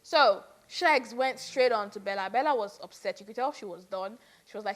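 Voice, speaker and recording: A young woman giving casual, exasperated gossip commentary on a reality show, ranting in a lively way with lots of "like". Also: medium pitch, moderate pace, hardly any pauses. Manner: exasperated, animated ranting with frequent "like".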